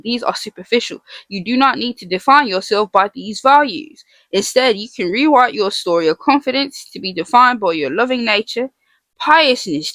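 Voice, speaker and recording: A woman talks straight to her viewers in an earnest, emphatic way. She keeps returning to the same phrases and puts questions to the listener. Her voice is mid-pitched, and the recording is dry, with no echo from the room. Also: a bit bright. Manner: asks the listener rhetorical questions. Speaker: vlogger teaching about the names of God. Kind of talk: casual faith talk to viewers.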